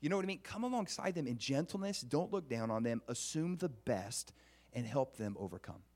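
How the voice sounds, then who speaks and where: A man preaching a conversational sermon, earnest and often putting questions to the congregation, with frequent restarts. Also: a little fast. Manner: earnest, with restarts and lively pitch swings.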